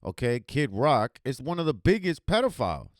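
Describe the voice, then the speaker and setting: A man's voice: medium pitch, huge pitch swings, moderate pace, no echo, clean studio sound. A man hosting his own talk show, giving emotional, swearing commentary with strong emphasis. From United States. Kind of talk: heated commentary to camera.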